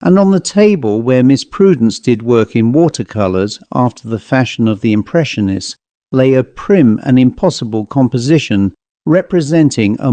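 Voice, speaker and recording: A man narrating a ghost story as an audiobook reader, in a measured, even way. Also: medium pitch, dry recording. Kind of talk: scripted narration.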